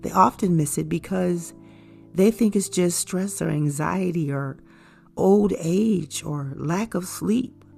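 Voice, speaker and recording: Earnest woman with a gravelly voice. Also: on the low side, slow pace, a little mellow, soft background music. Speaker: caregiver educator. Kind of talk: informative talk to camera.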